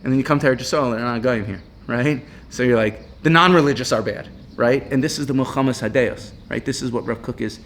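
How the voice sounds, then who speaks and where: A man's voice: mid-range voice, fairly even intonation, fast, hardly any pauses, a little hiss or hum. A man teaching an informal Torah class, reading Hebrew passages and explaining them in casual English, often asking "right?" and laughing as he goes. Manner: casual, peppered with "right?" and "you know"; reads Hebrew text aloud, then explains it in English.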